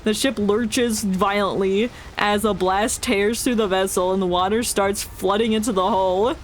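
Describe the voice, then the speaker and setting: Streamer voicing game text live, jokey asides and laughs, mid-pitched. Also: steady tone, unhurried, slight background noise. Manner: playful, laughing, joking asides. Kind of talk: reading game story aloud with live reactions.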